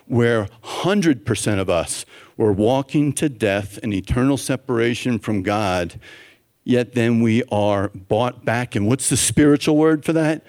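Brief: male doctor, church talk, lively storyteller who acts out the voices he quotes. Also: medium pitch. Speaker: physician speaking at a church event.

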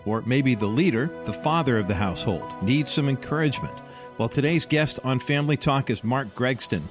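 A man's voice: medium pitch, no echo. Male radio host, polished scripted intro, faint music underneath.

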